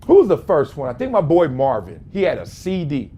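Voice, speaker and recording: A man in his fifties hosting his own show from a room at home, telling stories in a casual, slangy way that bursts into shouts and laughter. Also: on the high side, wildly swooping pitch, a little fast, husky. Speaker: show host. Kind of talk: casual storytelling monologue.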